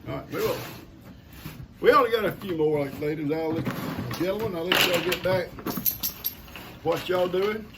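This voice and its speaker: A man's voice: high voice, moderate pace, long pauses. An older man, chatting casually and folksily to camera while opening gifts and talking to his pets. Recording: noisy home recording.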